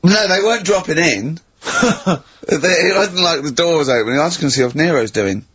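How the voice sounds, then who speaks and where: A man's voice: fairly high pitch, lively intonation, moderate pace, fairly bright tone, husky, no echo. A man co-hosting a radio show, telling teasing stories in casual studio banter and laughing often. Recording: dull lo-fi radio recording.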